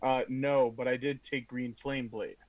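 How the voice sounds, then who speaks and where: A man's voice: mid-range voice, little pitch movement, unhurried, lo-fi sound, background noise. A man playing a tabletop game, chatting casually and laughing often. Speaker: player.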